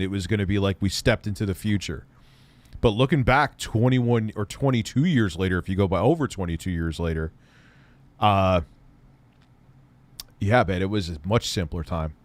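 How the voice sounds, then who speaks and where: A man's voice: lowish voice, no echo. A man hosting a casual livestream, rambling and wry, swearing now and then. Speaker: livestream host reacting to an old news clip.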